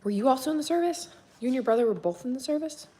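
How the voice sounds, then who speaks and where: A woman's voice: sits high, animated, rapid-fire, warm tone, a little hiss or hum. A woman in her thirties, a mother of three boys, chatting casually and rambling to viewers from her kitchen with a phone mic while doing chores, laughing often. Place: home kitchen.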